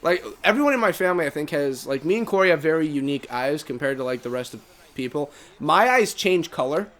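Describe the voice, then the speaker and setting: A man's voice: a little high, lively intonation, fast, fairly bright tone. A young man chatting casually while streaming a game, rambling with many fillers. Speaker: gaming co-host. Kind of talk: casual chat while gaming.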